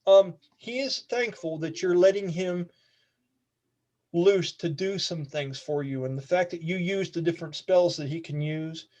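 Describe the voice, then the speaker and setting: A man's voice: a little high, a little slow, a little mellow. A man narrating a tabletop game as game master, casual and rambling, often laughing.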